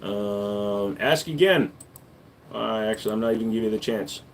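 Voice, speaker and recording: A man hosting a casual livestream, answering viewer questions with a relaxed, joking manner that gets louder when he hypes up the chat. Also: fairly low pitch, moderate pace, slight background noise. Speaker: livestream host and gun store owner.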